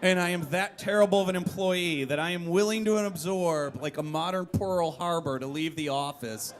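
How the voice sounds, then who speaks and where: Animated self-mocking male storyteller, fairly high. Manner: animated, self-deprecating, builds to loud punchlines. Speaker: comedic storyteller. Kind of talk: one-man show storytelling. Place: live performance venue.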